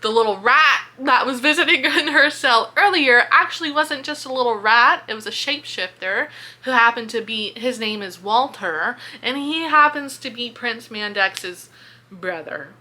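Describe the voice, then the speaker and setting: A woman casually retelling a book's plot in a video review, chatty and animated, swearing and filling with "like". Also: on the high side, moderate pace. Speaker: book reviewer. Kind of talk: casual book-review vlog.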